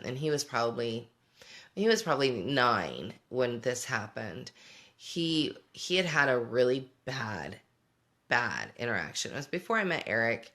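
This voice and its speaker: A woman's voice: a bass voice, a bit bright. A middle-aged woman hosting a casual livestream, talking reflectively and answering viewer comments as she goes. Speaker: homeschooling parent and show host.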